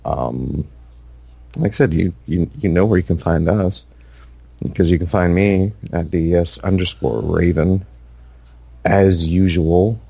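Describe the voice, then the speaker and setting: A man's voice: low voice, unhurried, creaky, long pauses, mellow, no room sound. A man co-hosting a casual gaming podcast, rambling with lots of fillers and restarts. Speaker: podcast co-host.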